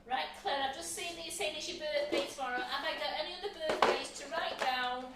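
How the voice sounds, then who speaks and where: A woman's voice: high-pitched, fast talker, noisy background. Cheerful woman, distant and echoey. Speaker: co-host reading viewer comments. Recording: distant mic in echoey room.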